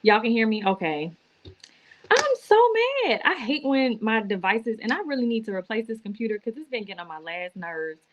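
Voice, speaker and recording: A woman's voice: mid-range voice, animated, brisk, few pauses, a little hiss or hum. A woman talking casually to her viewers on a live stream from her laptop, teary and emotional as she gives a faith testimony. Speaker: vlogger going live. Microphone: laptop or phone.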